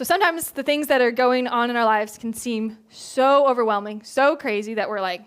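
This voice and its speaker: A woman giving a conversational sermon in a casual, chatty way. She acts out quoted lines in brighter voices. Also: fairly high pitch, normal speed, smooth. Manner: casual, chatty, with many filler words. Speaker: church speaker.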